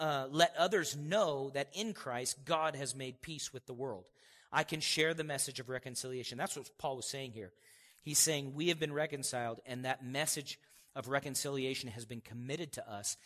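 A man preaching in an animated, conversational way, chuckling often as he makes his points. His voice is bright and somewhat high for a man. It rings with the long reverb of a church hall. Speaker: pastor. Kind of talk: sermon.

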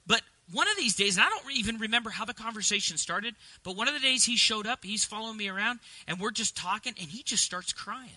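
A middle-aged man delivers a sermon in a high, ringing voice. He moves between relaxed, chatty storytelling and emphatic preaching, and the sound is close and dry. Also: fast, few pauses, no room sound, rough recording. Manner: conversational, rising to emphatic preaching. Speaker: pastor.

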